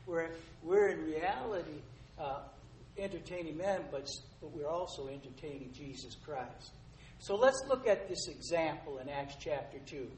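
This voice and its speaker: A man preaching a sermon, emphatic and rising to loud rhetorical questions, addressing listeners as dear ones. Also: on the high side, expressive, moderate pace. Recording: echoey room, faint noise.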